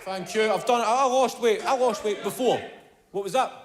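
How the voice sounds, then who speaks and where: A Scottish male comedian performing stand-up live, his voice pitched unusually high and cranking higher as he rants. He swears and mimics people around him. The venue is roomy, with an audience murmuring and laughing behind him. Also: moderate pace, a faint crowd, a little hiss or hum. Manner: animated, swearing, mimics family members.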